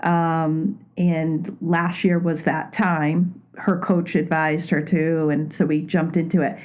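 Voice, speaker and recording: Casual woman guest, lowish voice, laughs easy, laid back. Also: level tone, slow pace, a little mellow. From Maine, USA. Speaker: podcast guest, loan officer. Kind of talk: casual interview chat.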